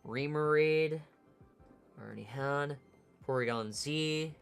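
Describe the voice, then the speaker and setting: A woman streamer giving casual, low-key commentary, murmuring card names half to herself. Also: takes it slowly, clean tone, soft background music.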